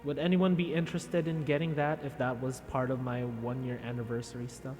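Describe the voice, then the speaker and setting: A man's voice: medium pitch, little pitch movement, a little fast, music in the background. A man chatting casually with viewers on a live stream, rambling and self-deprecating. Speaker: VTuber streamer.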